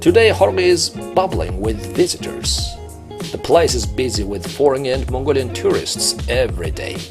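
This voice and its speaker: A man narrates a travel program from a script, and his pitch moves a lot from line to line. He often turns to the viewer with questions. Plucked guitar music plays clearly under his voice. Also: very animated, moderate pace. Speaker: travel show host.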